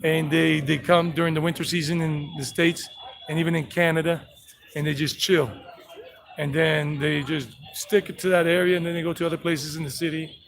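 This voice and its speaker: A man's voice: on the high side, little pitch movement, normal speed, vocal fry, rough recording. A man giving a playful, chatty walking-tour vlog outdoors in a town square. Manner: chatty, playful, talks to animals. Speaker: travel vlogger and tour guide. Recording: outdoor street noise.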